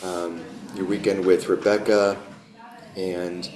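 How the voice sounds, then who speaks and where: A man's voice: sits low, level tone, slow, a crowd in the background. A man leading a yoga teacher training class, chatty and joking, encouraging his students. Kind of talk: casual class talk. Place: warm studio room with a group. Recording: echoey room.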